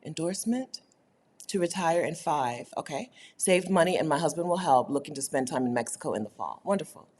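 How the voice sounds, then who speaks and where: A woman hosts a casual livestream, reading out comments and reacting to them. Her voice sits a little low and sounds husky, yet her pitch swings widely as she jumps between emphatic high bursts and quiet asides. She laughs often and talks in a loose, conversational way. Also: lively intonation, brisk. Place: indoors, home setting while living abroad.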